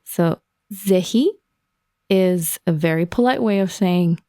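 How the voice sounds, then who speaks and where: A Japanese-speaking woman teaching on a language lesson podcast, explaining words slowly and laughing often. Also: fairly low pitch, warm tone, no echo, studio quality.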